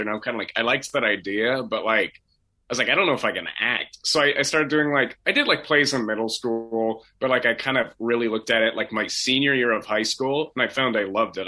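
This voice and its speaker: A young adult man from Oregon, a voice actor telling his backstory in a relaxed, rambling way full of fillers and restarts. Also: lowish voice. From Portland, Oregon. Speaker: voice actor guest. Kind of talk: casual interview chat.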